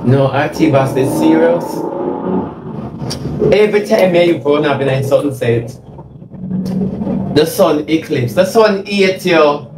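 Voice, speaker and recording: High-voiced Jamaican man ranting. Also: slow pace, pauses often. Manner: mocking, repetitive, confrontational. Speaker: livestreamer. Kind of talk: taunting livestream rant. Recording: echoey room, faint noise.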